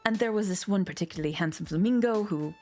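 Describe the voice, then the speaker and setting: A woman's voice: medium pitch, fast talker, warm tone, faint music behind, close to an everyday voice. A woman voicing a fussy, dramatic dog housewife with a put-on German accent. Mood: gushing.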